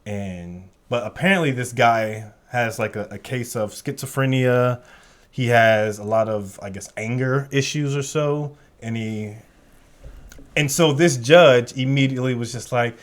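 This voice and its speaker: A mid-pitched man chats casually on a podcast. He tells stories in slangy talk and acts out what other people said. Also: a little slow. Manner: slangy storyteller, acts out quotes. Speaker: podcast co-host. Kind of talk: casual chat.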